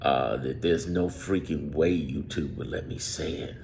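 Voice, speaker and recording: Man, very low with gravel in the voice, emphatic off-script commentator, faint noise underneath. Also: a little slow, a little mellow. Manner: emphatic, drawls, repeats phrases. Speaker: political commentator. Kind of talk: off-script direct-to-camera commentary.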